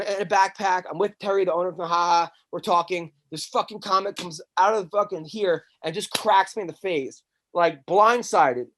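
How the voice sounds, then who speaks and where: A stand-up comic hosting a podcast, a man with a high voice, rattles through a wild story with lots of swearing. He keeps tripping over his words and starting over, animated the whole way through. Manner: animated, profane, stammering restarts. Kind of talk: casual chat, rambling storytelling.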